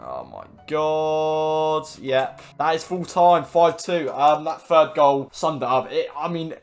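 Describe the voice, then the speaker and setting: A young man commenting on his own online football match, swearing often and swinging from frustrated mutters to excited shouts. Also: fairly high pitch, slow pace, faint music behind. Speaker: gaming YouTuber. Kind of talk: live gameplay commentary.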